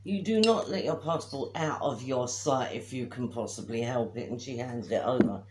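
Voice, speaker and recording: A woman, co-hosting a casual chat and telling a story in an animated way, sometimes dropping to hushed asides. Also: very deep voice, normal speed. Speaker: podcast co-host. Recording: faint background noise.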